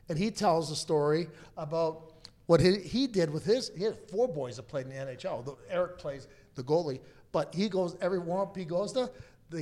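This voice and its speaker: A middle-aged man, a hockey player's father, telling a story in a casual, animated way and acting out the people he quotes. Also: on the high side.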